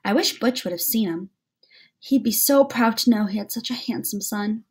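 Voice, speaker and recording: A woman reading as a soft-spoken young mother. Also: medium pitch, moderate pace, husky, lightly acted. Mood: fond. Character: brave young widowed mother. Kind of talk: read-aloud storybook dialogue.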